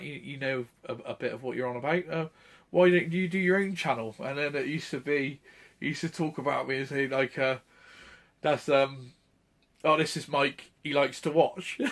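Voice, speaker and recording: A man's voice: mid-range voice, fairly bright tone. Rambling, chuckling man in his thirties. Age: 30s. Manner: rambling anecdotes with frequent fillers and chuckles. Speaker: retro gaming channel host. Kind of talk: casual chat.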